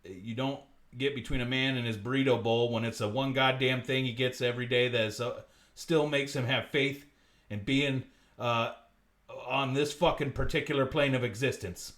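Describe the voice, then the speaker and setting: A man hosting a live comedy stream, swearing constantly and swinging between mumbled asides and shouted rants. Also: medium pitch, fairly even intonation, normal speed. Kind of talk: profane comic ranting on a live stream.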